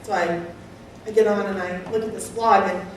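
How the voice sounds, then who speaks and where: A woman sharing a personal testimony in an earnest, halting, heartfelt way, recorded from far off in a large hall. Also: mid-range voice, fairly even intonation, slight background noise. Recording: very echoey, voice from far off.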